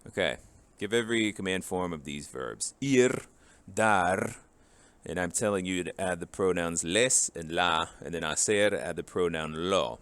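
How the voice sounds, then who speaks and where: A man's voice: low voice, lively intonation, a little slow, a bit bright, clean tone. A man teaching a recorded Spanish grammar lesson in a casual, joking way, drilling forms one by one.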